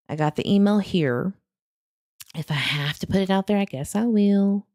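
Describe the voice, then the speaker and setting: A woman's voice: mid-range voice, moderate pace, darkish tone, dry recording, clean studio sound. A woman hosting a true crime channel, talking casually and with frustration to her viewers while she searches online. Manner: frustrated, talks to viewers, laughs between remarks.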